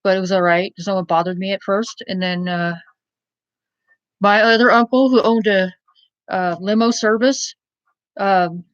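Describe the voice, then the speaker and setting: A woman's voice: medium pitch, fairly even intonation, a little slow, long pauses. A woman in her forties talks through a personal story, candid and rambling, with plenty of fillers and restarts. Her voice sits in a middling range. The recording is dull and lo-fi, with no room echo at all. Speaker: vlogger. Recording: dull lo-fi sound, dry.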